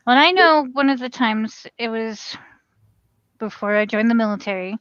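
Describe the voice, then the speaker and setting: A woman's voice: fairly high pitch, normal speed, fairly bright tone, smooth, dry recording, highs cut off. A woman co-hosting a casual talk show, laughing often as she tells stories and jokes. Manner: laughs often, joking and storytelling. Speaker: podcast co-host. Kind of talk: casual chat.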